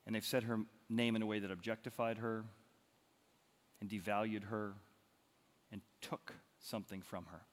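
A man preaching a sermon as pastor, telling the story dramatically with big swings in loudness. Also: on the low side, flat delivery, normal speed, pauses often, long reverb tail. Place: church hall.

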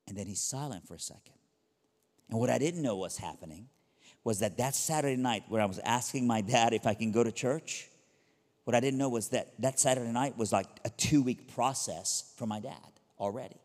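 Middle-aged guy from iran telling a story from the pulpit, mid pitch, big hall echo. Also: brisk. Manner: animated storyteller acting out dialogue with big vocal jumps. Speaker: preacher. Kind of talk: storytelling sermon. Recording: long hall reverb.

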